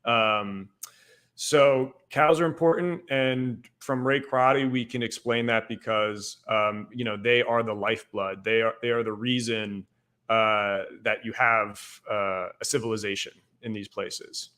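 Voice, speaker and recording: A man's voice: on the low side, steady tone, measured pace, fairly bright tone. A young adult man from the Northeastern United States, a podcast guest explaining things in a loose, casual way full of "like".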